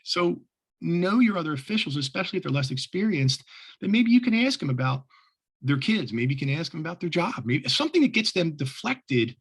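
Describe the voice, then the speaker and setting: Man, middle-aged, slightly husky, lively storyteller, lacrosse referee talk. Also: a little high, a little fast. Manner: animated storyteller, many restarts. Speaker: lacrosse official.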